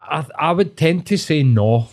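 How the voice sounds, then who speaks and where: A man's voice: fairly high pitch, animated, unhurried, a little mellow. A man with a Glaswegian Scottish accent, co-hosting a podcast in crude, laid-back casual chat full of swearing. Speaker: podcast co-host.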